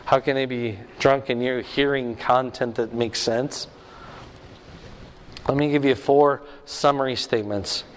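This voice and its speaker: A man's voice: medium pitch, fairly even intonation, unhurried, a little hiss or hum. Chatty man teaching Bible class, reverberant hall. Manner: chatty, keeps checking in with "right?". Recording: long reverb of a large hall.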